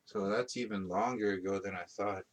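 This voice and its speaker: Young male podcaster, slightly low voice, loose rambling delivery full of fillers and self-amused laughs. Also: steady tone, fairly quick. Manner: rambling, many ums and restarts, laughs at himself. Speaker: podcast host. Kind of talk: casual solo podcast rambling.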